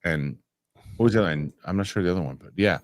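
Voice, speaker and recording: A man's voice: low-pitched, fast talker, no room sound, studio quality. A man hosting a live show and reading viewer comments aloud. He rambles, corrects himself and gets worked up over his pet peeves. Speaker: show host.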